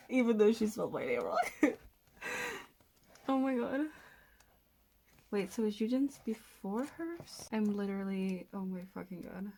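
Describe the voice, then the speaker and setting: A nineteen-year-old Danish woman vlogs an unboxing, chatting casually and excitedly with frequent gasps, giggles and swearing. Her voice is mid-range and slow-paced, with frequent pauses.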